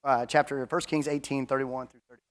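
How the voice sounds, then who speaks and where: A man's voice: mid-range voice, steady tone, quick pace. Man teaching a casual Bible class. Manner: conversational, chatty, with asides and fillers; reads scripture aloud between comments.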